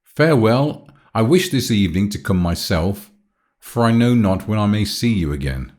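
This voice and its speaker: A man's voice: on the low side, expressive, moderate pace, a little mellow, natural voice. A man voicing an anxious, devoted young woman in an audiobook, speaking with raised, emotional pleading. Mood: sad, guarded. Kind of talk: audiobook character voice.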